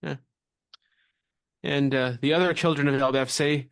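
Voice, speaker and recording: A man co-hosting a podcast, recapping a comic chapter in animated casual chat. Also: normal speed, clear, resonant tone, dry recording, clean studio sound. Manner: animated, jumps into high excited tones when quoting. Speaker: podcast co-host.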